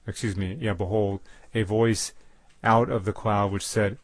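A man giving a Bible teaching, halting often with fillers and restarts. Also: on the low side, steady tone, no echo. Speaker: preacher.

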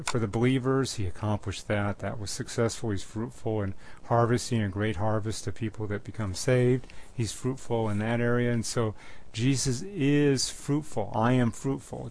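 A man preaching a sermon and teaching from the Bible, speaking in a measured, repetitive way with frequent restarts. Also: lowish voice, a little mellow.

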